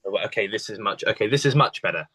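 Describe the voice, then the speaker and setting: A man on a video call as a podcast guest, rambling and self-deprecating with halting restarts. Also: lowish voice, expressive, pushed and bright. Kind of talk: casual chat.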